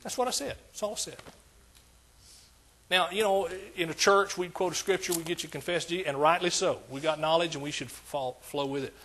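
A man's voice: on the high side, fairly quick, a bit bright, a little hiss or hum. An older man preaching a sermon as pastor, emphatic and repetitive in his cadence.

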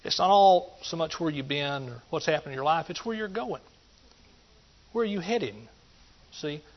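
A middle-aged man preaching a sermon. He talks in a folksy way, swings between loud emphatic points and quiet asides, and calls out to his listeners. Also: a little high, animated, moderate pace. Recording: dull lo-fi recording.

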